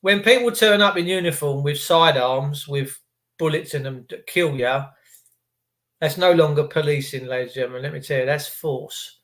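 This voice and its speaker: Bloke rambling on a live stream, high voice, chatty and teasing. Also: male voice, moderate pace, a bit bright. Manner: rambling, chatty, greets viewers by name, teasing. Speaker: livestream host. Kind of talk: casual live-stream chat.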